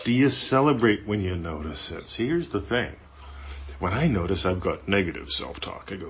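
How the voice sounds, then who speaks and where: Deep-voiced man hosting a podcast. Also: lively intonation, moderate pace, a little hiss or hum. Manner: playful, acts out inner voices, chuckles. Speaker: podcast host. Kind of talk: casual spoken teaching. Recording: dull lo-fi sound.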